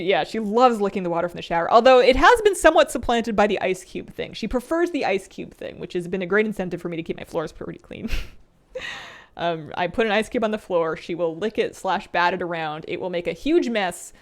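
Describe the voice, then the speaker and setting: A young woman streamer talks casually while she plays, rambling from one thought to the next. She laughs easily and often drops into soft, half-mumbled asides. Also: mid-range voice, lively intonation, brisk. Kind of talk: casual chat while gaming.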